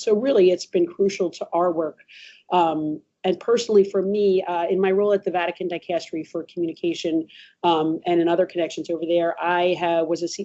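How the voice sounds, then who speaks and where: A middle-aged woman, hoarse from a cold, speaking earnestly as a webinar guest with many fillers. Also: on the low side, warm tone. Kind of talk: webinar talk. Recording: dull lo-fi webinar audio.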